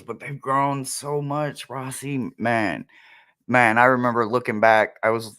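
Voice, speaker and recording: A man's voice: on the low side, fairly bright tone. Chatty man. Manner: chatty, laughs often, addresses viewers as y'all. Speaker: psychic medium livestream host. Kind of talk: casual livestream chat.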